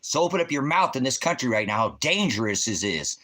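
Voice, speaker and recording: A man's voice: medium pitch, very animated, brisk, sharp tone. A man hosting a livestream, hurling profane, confrontational accusations at a viewer in the chat. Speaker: livestream host, veteran.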